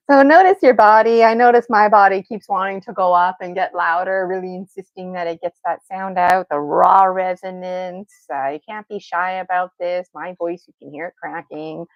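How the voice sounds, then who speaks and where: A woman's voice: mid-range voice, normal speed, no echo, lo-fi sound. A woman teaching an unscripted guided vocal exercise, encouraging and laughing often as she draws out vowel sounds. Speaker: voice and breathing teacher.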